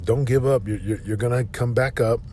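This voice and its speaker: A tired man, a podcast host, gives an earnest and upbeat motivational talk from inside a moving car, yawning and often repeating phrases. His medium-pitched voice is a little mellow and fairly quick, with slight background noise.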